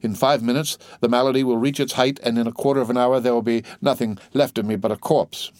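A man's voice: medium pitch, fairly even intonation, fast, a little mellow, no room sound, lightly acted. A man voicing a frail, dying old priest who speaks faintly and at times in a whisper. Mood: weak, urgent.

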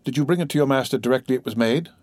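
A man's voice: medium pitch, rapid-fire, darkish tone, dry recording, close to an everyday voice. A man voicing a grave male doctor who asks curt, commanding questions. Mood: urgent.

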